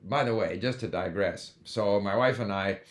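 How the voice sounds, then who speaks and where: A man with a somewhat low voice talks in a relaxed, conversational monologue. He is older and from Canada, and he drifts into side stories, dropping in fillers and restarting sentences as he goes. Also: moderate pace. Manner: conversational, digressive, with fillers and self-corrections. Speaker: language learning host. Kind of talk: casual monologue.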